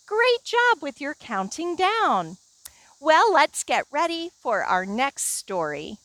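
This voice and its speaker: Slow, sing-song storytime librarian. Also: female voice, high voice, very animated, fairly bright tone. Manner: slow, sing-song reading with rhymes for kids. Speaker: children's librarian. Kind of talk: children's storytime reading. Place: library garden outdoors.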